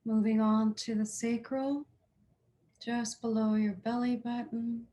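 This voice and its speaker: A woman with a fairly high, warm voice and flat delivery guides listeners through a chakra healing meditation. She speaks slowly and soothingly, leading affirmations for them to repeat.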